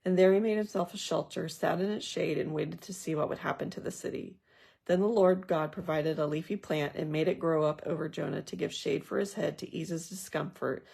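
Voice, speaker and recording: A woman's voice: sits low, fairly even intonation, fairly quick, creaky, darkish tone, slightly rough. A woman leading a casual Bible study. She reads scripture aloud and then talks through it in a thoughtful, conversational way with personal asides. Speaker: Bible journaling teacher.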